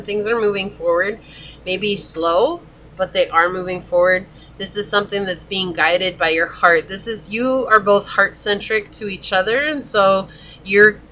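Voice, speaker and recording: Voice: mid-range voice, sharp tone, slight background noise, rough recording. A tarot reader giving a pick-a-card reading in a chatty, exclamatory way, calling out to spirit guides aloud.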